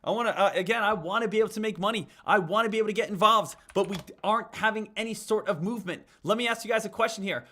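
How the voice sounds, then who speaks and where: High, bright-voiced trading streamer man. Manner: energetic, talks straight to viewers as "guys". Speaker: live stock trading streamer. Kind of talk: live trading stream commentary.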